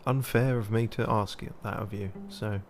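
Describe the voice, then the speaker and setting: Wry, low-voiced man muttering. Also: fairly even intonation, moderate pace, background noise. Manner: wry, self-mocking muttering to himself. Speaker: game streamer. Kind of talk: live gameplay commentary.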